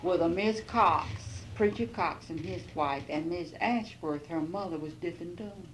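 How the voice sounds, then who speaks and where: An older woman recalls her early married days in a folksy, rambling way, slipping into lively bursts when she quotes others. Her voice sits lowish for a woman, and a faint hiss lies under the talk. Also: a little slow, poor audio. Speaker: interviewee. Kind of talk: oral history storytelling.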